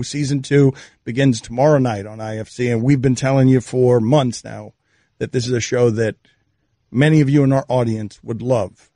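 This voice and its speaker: A man hosting a sports radio talk show, telling stories quickly and animatedly, laughing as he goes. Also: medium pitch, no room sound, clean studio sound. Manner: fast, animated storytelling with laughter. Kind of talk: casual sports radio banter. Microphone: studio microphone.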